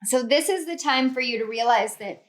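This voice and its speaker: A woman giving a casual tarot reading, speaking affectionately and repeating warm encouragements to her viewers. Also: high voice, normal speed. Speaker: tarot reader.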